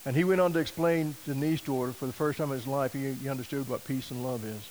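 A man preaching a sermon, telling a story in a folksy, animated way and acting out quoted voices. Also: mid-range voice, fast talker, slight background noise, rough recording. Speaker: missionary preacher.

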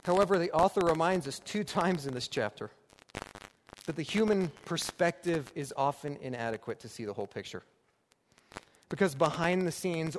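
Male preacher, slightly high voice, emphatic repetition, long reverb and faint hiss. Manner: emphatic, repeating phrases for rhetorical build. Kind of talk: sermon.

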